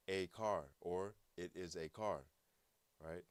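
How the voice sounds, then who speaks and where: A man's voice: deep voice, takes it slowly, clean tone, no echo. A man teaching a language class, patiently explaining and repeating words for practice. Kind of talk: online language lesson.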